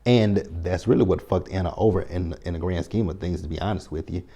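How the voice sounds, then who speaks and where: A man giving a casual, animated spoken recap of a TV episode, swearing freely and acting out his own reactions. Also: deep voice, brisk. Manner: animated, profane storytelling with quoted reactions. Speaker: TV recap reviewer.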